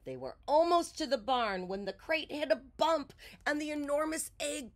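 Lady reading a kids picture book out loud, super expressive, bouncy voice. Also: high-pitched, normal speed. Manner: expressive read-aloud. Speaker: storyteller.

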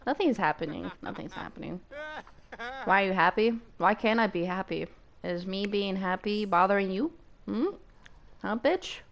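A young woman streamer chatting casually with her viewers, excitable, squealing and laughing often and swearing freely. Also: mid-range voice, normal speed.

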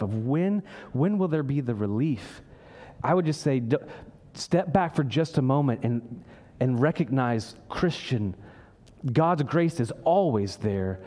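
A pastor preaching a sermon in a church, earnest, with his voice rising when he acts out a prayer. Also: mellow. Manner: earnest, voice lifts high when acting out prayers.

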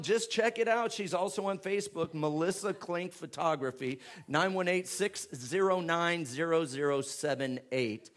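A man, a pastor making church announcements in a chatty, joking way before rising into loud, fervent prayer. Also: high-pitched. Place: church sanctuary with live congregation.

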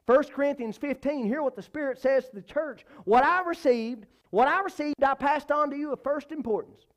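Guy preaching, high-ish voice, gets loud then drops way down, repeats himself a lot. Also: moderate pace. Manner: emphatic, repeats phrases, rises and falls in pitch and volume. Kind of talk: sermon.

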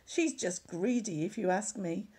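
A woman's voice: mid-range voice, measured pace, dark tone, husky. A woman voicing a snide, gossiping sheep in a storybook.

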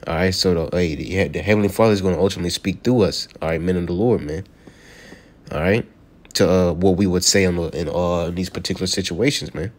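A man teaching from scripture in a loose, conversational way, reading verses slowly and then explaining them, with "man" and "you know" at the ends of his lines. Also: low-pitched. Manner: slows to read scripture aloud, then explains it. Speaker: preacher.

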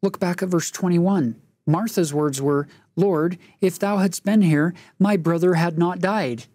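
A woman's voice: lowish voice, unhurried, dark tone, husky, no echo, studio quality. A woman hosting a scripture study lesson, reading verses aloud and commenting on them earnestly, often asking listeners reflective questions.

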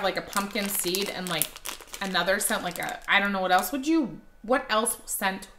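A woman in her thirties talks excitedly and directly to her viewers from a room at home, gushing over each item in an easy, casual way. Her voice sits in a middle range, and the room gives it a clear echo. A few faint clicks sit under the speech. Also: background noise. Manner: slips into a high baby-talk voice for her dog. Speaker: wax haul vlogger. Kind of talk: casual product haul chat.

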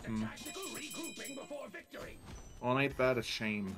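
A man teaming up in an online game, making quick callouts and teasing his partner. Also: medium pitch, fairly even intonation, music in the background. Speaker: duo teammate. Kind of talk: casual gaming chat.

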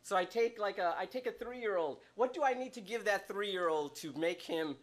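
A male preacher delivering a sermon from a church, his voice swinging widely in pitch as he gets excited. He talks in an animated way, laughs often, and acts out the people in his stories. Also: normal speed. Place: church sanctuary.

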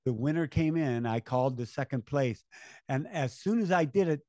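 An older man who works as a race announcer tells stories in a conversational interview, animatedly acting out the voices of people he quotes and chuckling. His mid-range voice comes at a moderate pace in a dry, clean studio recording.

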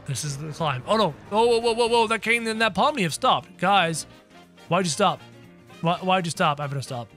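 A man giving excited, energetic commentary over his game, talking straight to his viewers. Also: sits high, moderate pace, faint music behind. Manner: energetic, talks to viewers as "guys". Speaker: gaming video creator.

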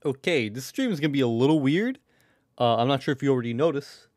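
A live streamer talks casually from their room at home in a medium-pitched, expressive voice at a quick pace. They ramble and swear a lot but keep their voice down so as not to be loud, using a desk microphone with its sensitivity turned down.

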